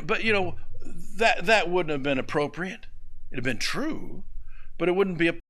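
A man preaching a sermon, telling a folksy personal story with asides and drawn-out emphatic words. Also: on the high side, expressive, bright, forceful tone, low-quality recording. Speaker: pastor.

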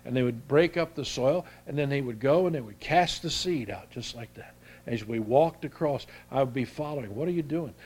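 An older man preaching a sermon in a folksy, halting way, restarting his sentences often and rising in pitch and volume as he presses a point. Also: a little mellow, husky. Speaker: pastor.

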